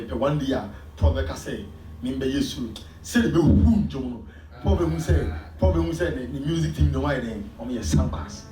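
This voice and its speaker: Ghanaian pastor preaching in an echoey hall. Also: male voice, mid-range voice. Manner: preaching with sudden loud emphasis, mixing in Twi. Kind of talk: sermon. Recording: echoey church hall from far off.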